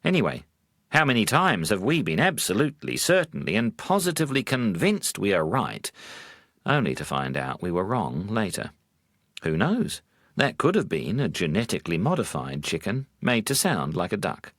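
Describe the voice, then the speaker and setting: A Buddhist monk telling wry teaching stories in a deep, low voice. His pitch rises and falls animatedly for the punchlines. The recording is dry and close. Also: sing-song, fairly bright tone, no echo. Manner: dry humor, measured. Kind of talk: storytelling talk.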